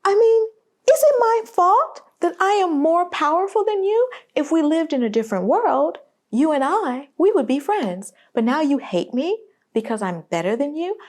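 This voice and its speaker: A smug man talks down to a small creature in a high, patronizing voice that swoops up and down, as a woman puts him on. His sympathy is plainly fake. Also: sing-song, moderate pace, darkish tone. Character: smug condescending man lecturing a mouse.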